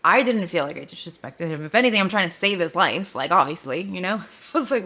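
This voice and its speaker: A woman's voice: lowish voice, fast, hardly any pauses. Candid woman telling a personal story. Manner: candid, confessional, animated retelling. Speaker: podcast host.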